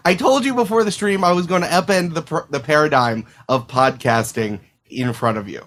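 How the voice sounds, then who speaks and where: A man's voice: fairly high pitch, a little fast, few pauses, a bit bright. A man hosting a podcast in casual chat, rambling and joking, swearing freely as he sets up the episode. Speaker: podcast host. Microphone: remote call microphone.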